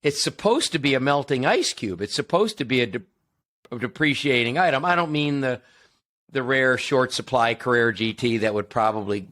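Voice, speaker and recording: A man's voice: mid-range voice, animated, moderate pace, fairly bright tone. American man hosting a casual chat. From United States. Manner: conversational, explains with asides and restarts. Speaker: podcast host.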